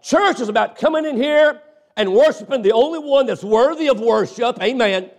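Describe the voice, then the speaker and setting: A man's voice: extremely high pitch, lively intonation, moderate pace. A male pastor preaching a sermon, punctuating points with frequent amens and questions to the congregation.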